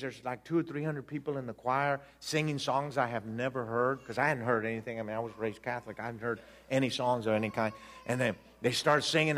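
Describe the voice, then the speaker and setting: A man giving an animated personal testimony, acting out voices, laughing and repeating himself as he tells it. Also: medium pitch.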